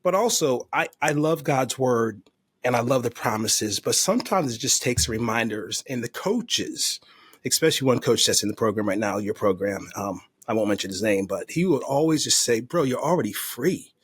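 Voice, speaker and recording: As a guest on a podcast, a man tells his recovery story in an earnest, emotional, faith-filled way, like a personal testimony shared in conversation. His husky, medium-pitched voice is animated and moves at a normal speed, with no room sound.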